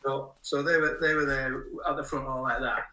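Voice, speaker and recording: A man's voice: mid-range voice, steady tone, moderate pace, bright, forceful tone. A man in his sixties, a musician guest, rambling through funny anecdotes and laughing at his own tales. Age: 60s. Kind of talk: casual anecdote telling. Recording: roomy sound from a distant mic.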